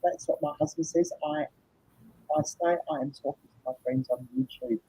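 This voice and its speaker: A tired woman hosting a casual live chat, laughing often and reading out viewers' comments in a husky voice. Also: sits low, expressive, normal speed, mellow. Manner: chatty, laughs often, reads comments aloud. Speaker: host. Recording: dull lo-fi stream audio.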